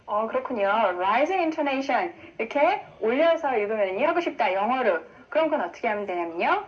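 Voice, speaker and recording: A woman hosting a broadcast English lesson, explaining grammar briskly and switching between two languages. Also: a little high, animated, poor audio.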